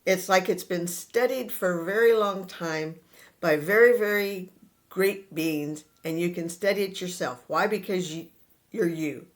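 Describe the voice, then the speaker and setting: A man teaches an audience in an unhurried spiritual talk. He speaks slowly in short phrases with pauses between them. He turns straight to his listeners and says his key points again and again with earnest insistence. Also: sits high. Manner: earnest, addresses listeners directly and repeats points.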